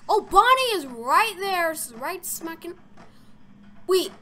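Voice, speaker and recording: A woman's voice: very high voice, big pitch swings, takes it slowly, sharp tone. A young woman playing a game and commenting as she goes, jumpy and easily startled, rambling with lots of fillers. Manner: jumpy, easily startled, frequent gasps and squeals; rambling, filler-heavy talk. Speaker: gaming video creator. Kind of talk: casual let's-play commentary.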